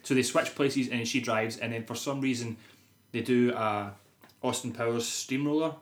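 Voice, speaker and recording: A man's voice: steady tone, normal speed. Young man, casual podcast chat, sweary, laughing, roomy echo. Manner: sweary, laughing, acts out quotes in shrill voices. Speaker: podcast co-host.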